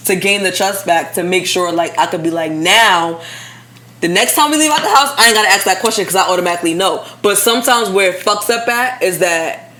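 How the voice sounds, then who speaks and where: A woman co-hosting a casual relationship podcast, animated and blunt, acting out both sides of conversations. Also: medium pitch, brisk. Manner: blunt, swears freely. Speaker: podcast co-host.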